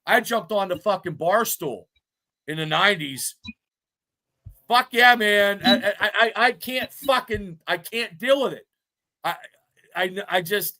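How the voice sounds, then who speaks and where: Brief: fifties male podcast co-host, high, bright voice, swears constantly, rambles through animated stories. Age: 50s. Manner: profane, rambling, animated storytelling. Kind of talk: casual chat.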